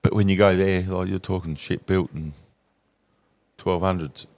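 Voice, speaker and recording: A man's voice: sits low, fairly even intonation, moderate pace, a little mellow. A middle-aged Australian man, a podcast co-host, chatting casually and keenly agreeing with short replies. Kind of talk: casual pub-style chat.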